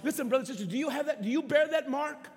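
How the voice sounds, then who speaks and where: High-pitched guy preaching, call and response with the crowd, gets loud then soft, echoey church. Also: rapid-fire. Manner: swings from soft to shouted. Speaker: pastor. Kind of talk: sermon. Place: church sanctuary. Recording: long hall reverb.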